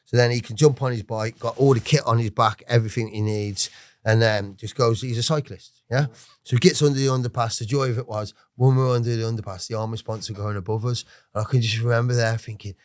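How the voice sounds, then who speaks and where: A man's voice: medium pitch, fairly even intonation, fast talker, a little mellow, no echo, studio quality. A man in his forties with an English accent, a podcast guest telling his life story in a rambling, swearing way with many restarts. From England. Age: 40s. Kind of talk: casual storytelling interview.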